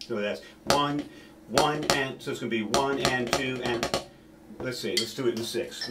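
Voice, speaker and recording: A man's voice: mid-range voice, fairly even intonation, moderate pace, over loud music. A man teaching a snare drum solo, counting beats aloud and stopping now and then to correct himself.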